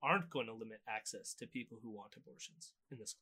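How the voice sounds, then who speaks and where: A man's voice: fairly low pitch, fast talker, sharp tone, breathy edge. A man co-hosting a podcast, recapping clips in a loose, sardonic casual chat. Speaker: podcast co-host. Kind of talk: casual political commentary chat.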